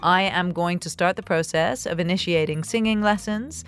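A woman breakfast radio host with a fairly low voice, bantering playfully and laughing easily. She speaks from a studio over a quiet music bed. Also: normal speed. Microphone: studio microphone.

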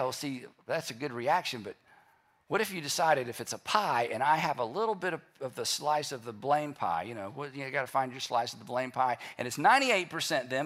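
A man's voice: medium pitch, animated, a little fast, a bit bright. A male pastor giving a sermon in a conversational way, acting out people's inner voices as he speaks.

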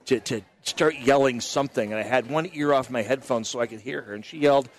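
A man's voice: mid-range voice, lively intonation, quick pace, few pauses. A man hosting a live talk radio show from an outdoor state fair booth, telling stories in a chatty way with many restarts and asides. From Minnesota. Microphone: broadcast mic with headphones.

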